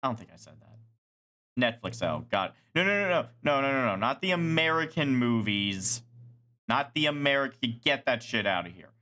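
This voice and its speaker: A man chatting casually on a live stream, rambling and animated, swearing casually. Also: mid-range voice, moderate pace.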